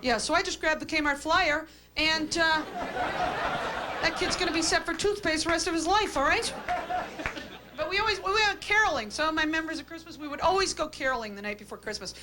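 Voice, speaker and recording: A woman doing a stand-up comedy routine, delivering deadpan quips and tagging jokes with a flat "okay?". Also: high voice, a little fast. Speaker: stand-up comic. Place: comedy club stage with a live audience. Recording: hissy old VHS tape with audience laughter.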